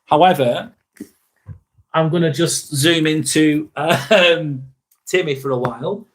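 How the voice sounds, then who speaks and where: A man's voice: a little high, slow pace. A man with a Lancashire accent hosting a casual live stream, talking bluntly and candidly, swearing now and then and reading out viewer comments. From northwest England.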